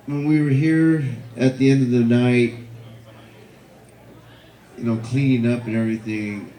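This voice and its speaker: A man speaking at a memorial, telling a personal story in a halting way with many fillers and repeated words. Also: mid-range voice, steady tone, warm tone. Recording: echoey hall.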